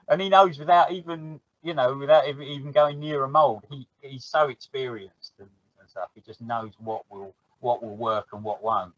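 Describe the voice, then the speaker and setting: A man's voice: medium pitch, a little fast, no room sound. Chatty South London man, dull dry audio. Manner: chatty, laughs easily, acts out little quoted exchanges. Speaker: guest. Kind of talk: casual podcast chat.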